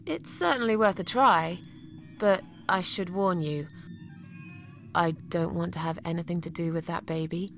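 A woman's voice: normal speed, vocal fry, fairly bright tone. An actress voicing a lonely, weary woman in her forties in a game, grudging and sardonic. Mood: wry. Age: 40s. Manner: grudging, sardonic, low-key. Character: lonely weary middle-aged woman, reluctant and dry. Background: game music.

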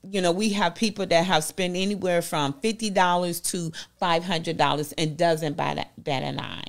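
Her lowish, creaky voice holds a fairly even intonation at a normal speed. She's a Southern US boutique owner with a matching accent, guesting in a relaxed interview and chatting in a homey, folksy way that leans heavily on "you know."

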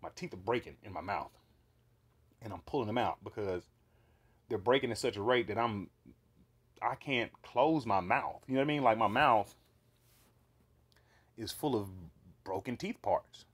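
A man relates a vivid dream in a lowish, slightly rough voice, at a moderate pace with frequent pauses. The monologue is casual, profane and animated, rambling through fillers and restarts.

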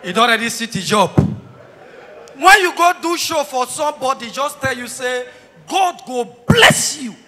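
A man with a Nigerian Pidgin English accent doing live stand-up comedy, teasing the crowd and breaking into sudden shouts. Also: extremely high pitch, moderate pace, a little hiss or hum. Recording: reverberant hall sound.

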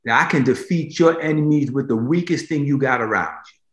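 A man's voice: medium pitch, fairly quick. A man preaching a sermon, emphatic, repeating phrases for stress and asking his listeners directly if they follow. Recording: roomy echo.

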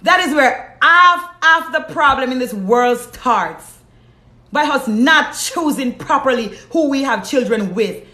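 A woman's voice: high voice, lively intonation, takes it slowly, bright, forceful tone. Blunt Jamaican woman host, roomy echo. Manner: blunt, preachy, reads out viewer comments. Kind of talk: live-stream talk.

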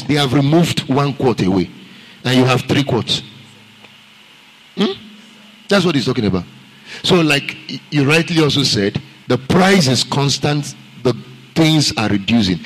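A man with a Nigerian accent, a pastor preaching a sermon emphatically and checking in with the congregation with quick asides. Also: on the high side, fairly bright tone, husky, rough recording.

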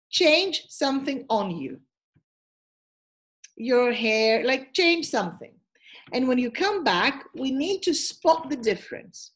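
A woman teacher trainer leading an online webinar over a video call, giving lively, encouraging instructions. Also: on the high side.

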